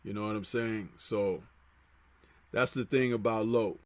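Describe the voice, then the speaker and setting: A man's voice: fairly even intonation, unhurried, no echo. A man hosting a casual livestream, talking loosely with many fillers and reading viewer comments aloud. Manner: conversational, reads chat comments aloud; frequent fillers, drops low on asides. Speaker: host.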